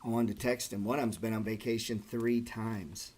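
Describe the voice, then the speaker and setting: A man's voice: lowish voice, level tone, moderate pace, a little mellow, a little hiss or hum. A middle-aged man hosting a trading stream, talking casually and bluntly, swearing often and calling listeners "man" and "bro". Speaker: trading channel host. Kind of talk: casual livestream chat about trading.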